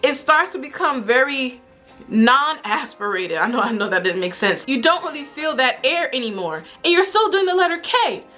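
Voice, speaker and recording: A young woman in her twenties talking casually to camera in a vlog, animated and exasperated, joking as she goes. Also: sits high, normal speed. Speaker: vlogger. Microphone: camera mic. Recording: faint music underneath.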